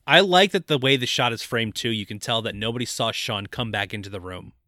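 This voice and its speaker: A man's voice: medium pitch, fairly quick, bright, forceful tone, no echo. A man co-hosting a podcast, casually recapping a film scene by scene in a laid-back, dry way. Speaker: podcast co-host.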